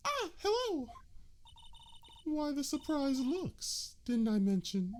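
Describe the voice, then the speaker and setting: A man voicing a haughty young woman in a slow, sing-song falsetto. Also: wildly swooping pitch, a little mellow, a little hiss or hum, heavily acted.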